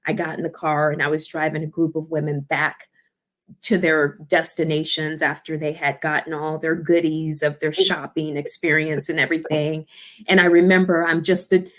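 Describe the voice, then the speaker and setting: A woman's voice: deep voice, little pitch movement, normal speed, a bit bright. A woman who founded a support organization tells a personal story in an interview, earnest and heartfelt, often saying "you know" and "I remember".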